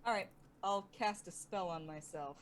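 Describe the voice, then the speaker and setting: A woman playing in a tabletop game, pausing on "uh" and checking the rules before acting. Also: on the low side, a little hiss or hum. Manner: hesitant, asking rules questions with many "uh"s. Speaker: player. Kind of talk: casual tabletop game chat.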